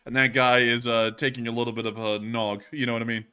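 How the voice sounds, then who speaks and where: A man's voice: mid-range voice, flat delivery, fast talker, pushed and bright, clear, resonant tone. A man hosting a livestream, commenting on war footage in a casual, jokey way with lots of laughter. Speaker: stream host.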